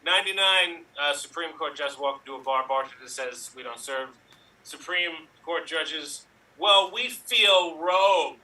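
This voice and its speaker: A man improvising jokes on a video call with halting, hesitant setups. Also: a little high, bright, forceful tone, reverberant. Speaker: improv performer. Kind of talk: improvised joke telling. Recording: distant from the mic.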